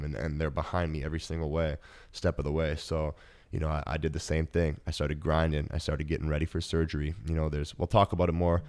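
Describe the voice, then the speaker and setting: A man's voice: a bass voice, a little mellow, smooth. A young man in his twenties, a podcast host, earnestly telling a personal story with many fillers and restarts. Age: 20s.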